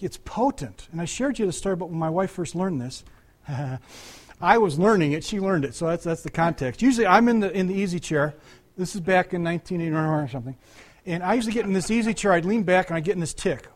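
An older man preaching a conversational sermon, talking to the congregation with frequent asides and restarts. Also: high-pitched. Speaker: pastor.

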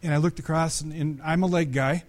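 A middle-aged man preaching a sermon, conversational and animated, with frequent restarts and sudden loud peaks. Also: a little high, fairly quick. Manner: restarts and repeats words often. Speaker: pastor.

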